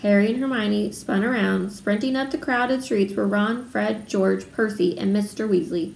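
Woman reading a story aloud, gravelly. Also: mid-range voice, fairly even intonation, normal speed, darkish tone. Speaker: readalong reader. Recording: roomy room, faint background noise.

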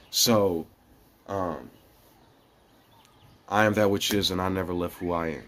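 Rambling earnest man, low voice. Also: normal speed, pauses often. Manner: rambling and earnest, with many fillers and restarts. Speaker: vlogger. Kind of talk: casual spiritual monologue.

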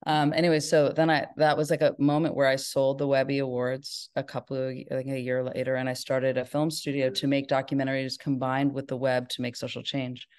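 A woman's voice: a bass voice, level tone, brisk, few pauses, darkish tone, smooth. A middle-aged woman from Northern California, a filmmaker guest in an interview, telling her story in a rambling way with many restarts.

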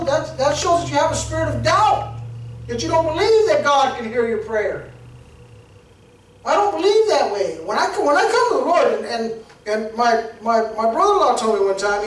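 Male preacher, lively swings in pitch, storytelling sermon, recorded in an echoey church from off-mic. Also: normal speed. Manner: conversational, repeats words while building to emphatic peaks. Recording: roomy church sound from a distance.

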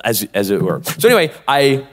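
Animated man telling a story in an echoing hall. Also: medium pitch, a little fast. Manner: animated, acts out both sides of quoted exchanges. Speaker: podcast co-host. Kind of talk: live podcast storytelling. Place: convention stage with long reverb. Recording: live hall reverb.

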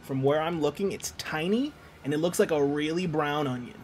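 A man with a voice on the high side streams a video game at normal speed, with few pauses and a darkish tone. He chats and jokes with his viewers, reading their messages aloud while he plays.

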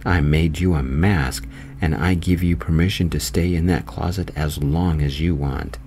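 A man's voice: very deep voice, steady tone, normal speed, warm tone, slight background noise. A man voicing a flamboyant, teasing young man with a playful, theatrical manner.

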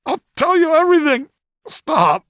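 A desperate captive man cries out in a pitch far above his natural register, voice strained and sobbing with pain. The audiobook recording is dry and close. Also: very animated, extremely slow, creaky, dry recording, full character voice. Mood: begging. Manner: high strained pleading cries. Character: terrified captive man under torture, begging.

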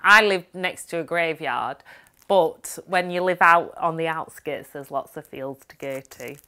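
A woman with a Yorkshire accent chats to camera in a lively, enthusiastic way. Her voice sits fairly low but has a sharp, forward edge. A friend films her, so it sounds like a casual homemade video. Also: a little slow, clean tone. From Sheffield, England. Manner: chatty and enthusiastic. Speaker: lifestyle blogger. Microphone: camera held by a friend.

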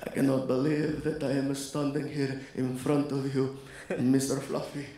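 A man's voice: medium pitch, flat delivery, normal speed, warm tone, voice pushed down, close to an everyday voice. A comedian doing an earnest Saudi man. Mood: pleading. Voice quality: broken English, repeats himself, earnest pleading. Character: emotional adult Saudi man, earnest and pleading. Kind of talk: stand-up impression. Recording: roomy live stage recording with noise.

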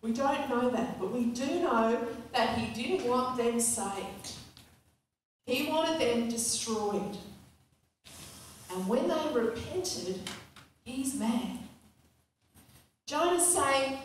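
A woman's voice: on the high side, animated, drawn-out words, pauses often. A woman preacher giving a sermon, earnest and questioning the congregation. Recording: echoey hall, distant mic, faint noise.

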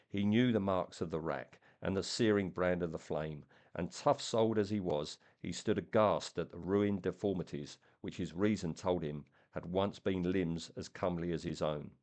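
A man reading a story aloud and then chatting about it in an enthusiastic, halting way. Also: low voice, darkish tone. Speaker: comic and book reviewer. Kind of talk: reading aloud and casual chat.

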